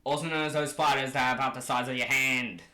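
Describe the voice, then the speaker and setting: A man from Oceania chatting casually to his camera at home, rambling and joking and often correcting himself as he pitches a fan creature idea. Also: steady tone, quick pace, sharp tone. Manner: rambling, jokey, self-correcting. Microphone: camera mic. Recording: echoey room with faint hiss.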